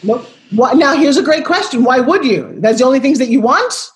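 Blunt, forceful woman in her sixties. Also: high-pitched, lively intonation, brisk. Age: 60s. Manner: forceful, blunt, repeats probing questions. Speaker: motivational speaker and coach. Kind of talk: interview, motivational talk.

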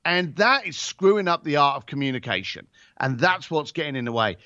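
A man's voice: on the high side, animated, fairly quick, pushed and bright, dry recording, lo-fi sound. A man on a podcast telling a story in a blunt, casual way. He swears and acts out both sides of the conversation. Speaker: podcast guest.

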